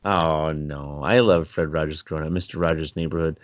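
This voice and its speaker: A man's voice: extremely low pitch, steady tone, brisk, no room sound. A man co-hosting a casual film-review podcast, rambling and laughing often as he pokes fun at himself. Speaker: podcast co-host. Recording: dull, dry podcast recording.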